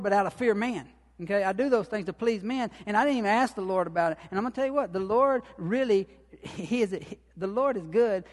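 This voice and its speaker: A man preaching a sermon in a folksy, repetitive way, building to emphatic bursts. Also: sits high. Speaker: lay preacher. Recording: long reverb of a hall.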